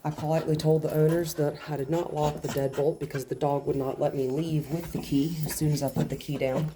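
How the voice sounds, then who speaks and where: A woman dog trainer explaining what she does as she handles a nervous dog, now and then dropping into soft, soothing talk. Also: sits low, little pitch movement, a little fast, noisy background.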